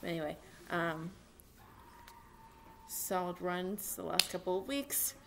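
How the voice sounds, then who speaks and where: A young woman chats excitedly to her camera from home. She rambles with plenty of fillers, and her fairly low voice is gravelly. A faint background hum sits behind her. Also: slow pace. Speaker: vlogger and racing fan. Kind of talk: casual chat to camera. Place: at home with a dog.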